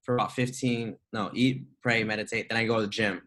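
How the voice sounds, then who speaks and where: A young man giving an energetic, chatty motivational talk to a group on a video call. He often adds "right?" and laughs as he goes. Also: on the low side, brisk, low-quality recording. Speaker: trading mentor speaking to a group call.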